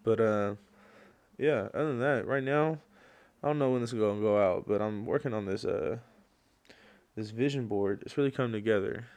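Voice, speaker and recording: A young man hosting a casual solo podcast, telling rambling stories full of slang and fillers, and getting loud and worked up when he rants. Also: lowish voice, normal speed, pauses often. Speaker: podcast host.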